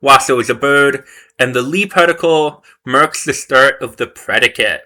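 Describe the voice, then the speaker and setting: Bright-voiced man thinking aloud. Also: medium pitch, normal speed. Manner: thinks aloud, reads course text and reacts. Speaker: language learner vlogger. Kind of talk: casual self-study commentary.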